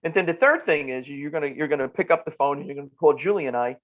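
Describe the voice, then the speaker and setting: A man in his fifties with a North Jersey accent, a nutritionist guest talking in an animated way and often repeating words. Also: on the high side, quick pace, dull audio. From New Jersey. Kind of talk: casual podcast interview.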